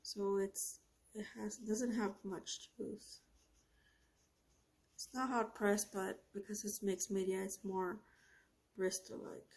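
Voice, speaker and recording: A woman's voice: medium pitch, little pitch movement, slow, pauses often, a little mellow. A woman hosting an art channel, casually reviewing paints as she swatches them, gushing and often trailing off mid-sentence.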